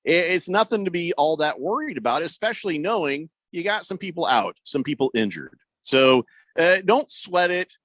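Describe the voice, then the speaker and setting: Male sports radio host, lively jokey delivery, rather high voice, dry studio sound. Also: normal speed, no echo. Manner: animated, joking, reads listener messages. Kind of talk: casual sports radio banter.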